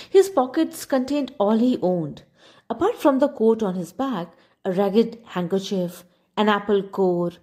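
A woman reading a children's story aloud as storyteller, speaking to the kids. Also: medium pitch. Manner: expressive, addressing kids.

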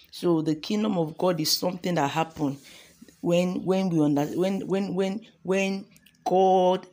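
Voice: medium pitch, dark tone. A devotional host leading a morning sermon, fervent and repetitive, calling listeners to repeat affirmations.

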